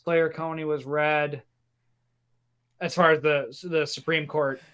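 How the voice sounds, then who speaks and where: A man from Wisconsin co-hosting an outdoors podcast, opinionated and halting as he chats casually. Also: on the high side, flat delivery, a bit bright, clear, resonant tone. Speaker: podcast co-host. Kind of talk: casual chat.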